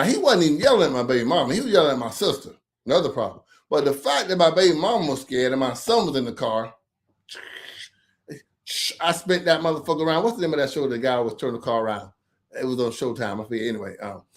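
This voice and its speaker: A man with a fairly high voice runs a casual livestream chat. He tells stories bluntly, swears freely and laughs often as he answers viewers by name. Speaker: livestream host reading viewer comments.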